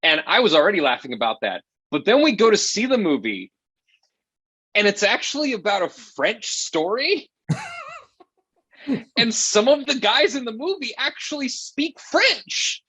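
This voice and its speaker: A man's voice: high voice, sing-song, measured pace, pushed and bright, husky, no room sound. A man reviewing a film in casual chat, rambling and profane, often exasperated.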